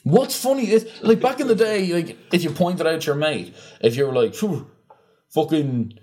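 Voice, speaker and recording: A young man chatting casually on a podcast, ranting with animated energy and free swearing. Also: sits high, moderate pace. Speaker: podcast co-host. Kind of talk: casual chat.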